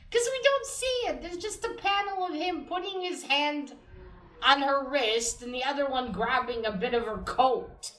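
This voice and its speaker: A woman with an Israeli accent giving a casual, animated spoken review, ranting and swearing in exasperation. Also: sits high, unhurried, distant mic. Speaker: comic reviewer. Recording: roomy echo, off-mic.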